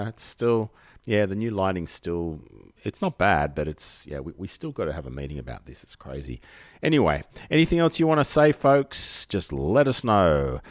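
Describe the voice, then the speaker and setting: A man's voice: deep voice, dry recording, clean studio sound. A man with an Australian accent hosting a casual live-streamed call-in show, rambling and joking at his own expense, speaking outdoors at night under spotlights. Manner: rambling, jokey, self-mocking banter.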